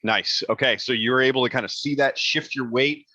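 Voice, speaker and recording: A man narrating as game master in a casual, halting way with many fillers and restarts. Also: medium pitch, steady tone, sharp tone, no echo, highs cut off.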